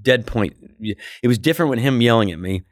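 A middle-aged male comedian telling a backstage anecdote in an animated, profane way, acting out the people he quotes. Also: mid-range voice, brisk, no echo, clean studio sound. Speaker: comedian guest. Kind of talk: storytelling anecdote.

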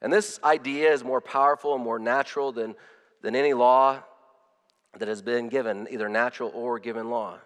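A man's voice: medium pitch, steady tone, normal speed, long reverb tail. A man preaching a sermon as pastor, earnest, often repeating words and restarting his phrases.

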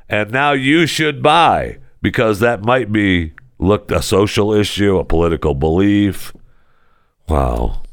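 A man's voice: mid-range voice, creaky, fairly bright tone, dry recording, clean studio sound. A man hosting a talk show, ranting in a casual, sarcastic and exasperated way. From United States.

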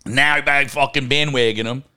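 A man's voice: mid-range voice, steady tone, quick pace, sharp tone, clean tone. A man, a podcast guest in casual chat, blunt and profane, rambling from one thought to the next. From New York. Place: home podcast set.

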